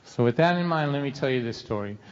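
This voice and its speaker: A man's voice: mid-range voice, quick pace, slight background noise. Middle-aged guy doing a self-mocking story onstage, dull sound, long echo from the hall. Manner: wry, self-mocking, animated. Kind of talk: live storytelling performance. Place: church hall venue.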